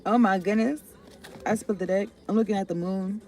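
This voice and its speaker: Casual, low-toned woman tarot reader. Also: fairly even intonation, fairly quick, mellow, a little hiss or hum. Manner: loose, rambling, swearing, laughs often, trails off.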